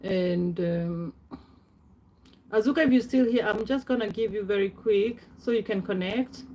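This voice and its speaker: A middle-aged woman hosting a casual live stream, chatting loosely and calling out viewers by name, with frequent laughs and throat clearing. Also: mid-range voice, measured pace, dark tone, slight background noise.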